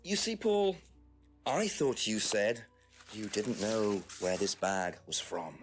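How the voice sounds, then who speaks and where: A calm, probing police inspector. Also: male voice, fairly low pitch, faint music behind. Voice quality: measured, persistent questioning. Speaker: police inspector in a detective game. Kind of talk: FMV game acting.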